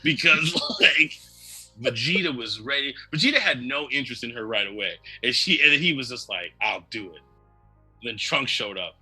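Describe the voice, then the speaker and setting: A man co-hosting a casual chat show, animated and laughing often, acting out quoted lines as he talks. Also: medium pitch, moderate pace, husky, soft background music. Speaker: co-host. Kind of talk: casual chat about tabletop games and anime.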